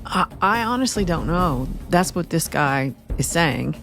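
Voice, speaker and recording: A woman hosting a history podcast, telling an old outlaw story in a steady way with wry asides. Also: on the low side, a little slow, over music. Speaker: podcast host.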